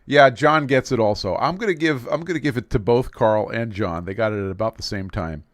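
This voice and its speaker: A man's voice: medium pitch, brisk, no room sound. A man from New York City hosting a casual livestream, joking and rambling as he restarts his sentences. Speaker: livestream host.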